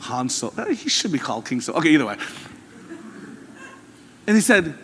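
A man's voice: a little high, very animated, fast talker, long pauses, fairly bright tone, in a large hall, slight background noise. A man preaching a sermon as pastor, talking candidly and conversationally to his congregation with rising emphasis.

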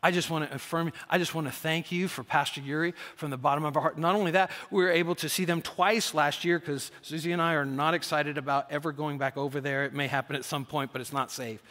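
A man's voice: a little high, fairly even intonation, quick pace, hardly any pauses, bright, forceful tone. A male pastor preaching with enthusiasm, repeating key points for emphasis in a large church hall. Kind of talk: sermon. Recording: long hall reverb.

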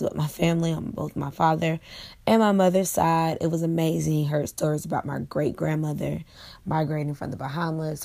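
A woman's voice: deep voice, gravelly, a little mellow. A woman in her late twenties hosting a solo podcast, talking in an earnest, personal and conversational way. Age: 20s. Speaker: podcast host. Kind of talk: reflective solo podcast talk.

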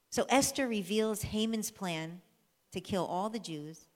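A woman telling a Bible story as a sermon, lively and conversational, drawing the listeners in. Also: medium pitch, measured pace. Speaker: church speaker. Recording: long reverb of a large hall.

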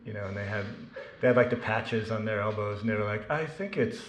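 A man talks casually to a room before reading from his new book, his voice sitting a little low. He jokes about himself and stumbles over restarts and ums. The sound carries a noticeable room echo. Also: level tone, fast talker, very noisy. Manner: self-deprecating, joking, many ums and restarts. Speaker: author giving a reading. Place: lecture room with an audience.

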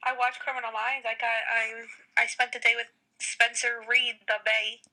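A woman's voice: on the high side, little pitch movement, normal speed, pushed and bright. A teenage girl co-hosting a casual podcast, blunt and sarcastic as she teases her friend. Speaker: podcast co-host. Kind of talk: casual chat.

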